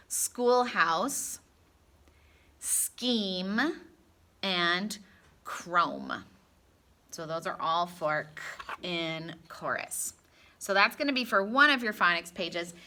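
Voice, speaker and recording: A woman teaching a phonics lesson to young children in a slow, sing-song teacher voice, stretching out sounds and adding playful asides. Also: mid-range voice. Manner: animated, with gasps and playful asides. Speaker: elementary school teacher.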